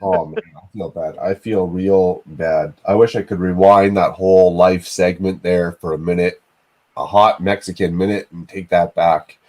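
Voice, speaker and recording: A man's voice: sits low, steady tone, moderate pace, darkish tone, rough recording. A man hosting a casual livestream, scolding himself with groans and frequent swearing. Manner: self-reproaching, groaning, swears often. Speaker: livestream host.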